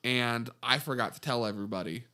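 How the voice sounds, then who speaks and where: A man's voice: medium pitch, fairly quick, bright, forceful tone, clear, resonant tone. A young man co-hosting a casual podcast, rambling with restarts and fillers, and joking at his own slips. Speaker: podcast co-host.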